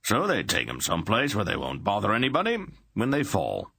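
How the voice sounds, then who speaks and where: A man's voice: on the low side, huge pitch swings, fairly quick, creaky, sharp tone, husky, dry recording, full character voice. A man voicing a plain-spoken, practical middle-aged smith who explains things with dry understatement. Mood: matter-of-fact. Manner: dry, matter-of-fact understatement.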